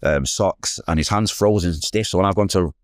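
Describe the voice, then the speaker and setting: A man, a podcast guest telling a personal story in rapid, slangy speech and acting out the people in it. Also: sits low, dry recording, studio quality. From Manchester, England. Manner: rapid, slangy, retells scenes with animated quoted voices.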